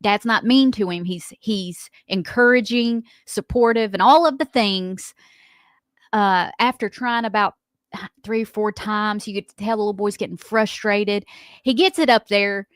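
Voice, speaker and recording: A woman's voice: medium pitch, unhurried, no room sound, clean studio sound. A woman with a Southern American accent co-hosting a morning radio show, telling stories in a chatty way and laughing often. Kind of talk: casual radio banter.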